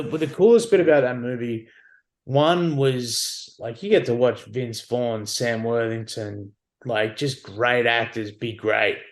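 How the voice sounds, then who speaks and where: A man, a podcast guest, telling stories casually and animatedly, swearing and acting out the dialogue. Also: medium pitch. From Australia. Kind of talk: casual storytelling.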